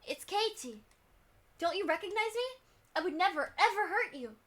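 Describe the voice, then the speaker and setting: A woman's voice: extremely high pitch, lively intonation, moderate pace, fairly bright tone. A woman voicing a worried, earnest teenage boy, reading a visual novel aloud. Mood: pleading.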